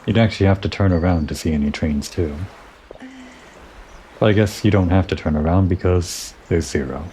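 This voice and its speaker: A man giving relaxed, musing commentary over a game playthrough, thinking aloud and talking to the character he plays. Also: low voice, normal speed, a little hiss or hum. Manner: musing, talks to himself and the character. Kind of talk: relaxed let's-play commentary.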